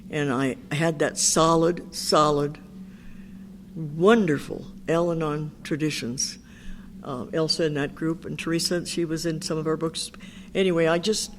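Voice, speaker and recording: A woman's voice: deep voice, slight background noise. An older woman speaking at an Al-Anon meeting, telling her story candidly and chattily, often quoting what others said to her. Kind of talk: personal recovery talk.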